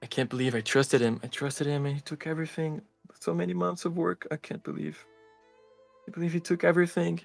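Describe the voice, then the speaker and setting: A man's voice: a little high, steady tone, fairly quick, vocal fry, faint music behind, pitched above the performer's own voice. A man voicing a desperate female blacksmith who stammers and keeps repeating herself.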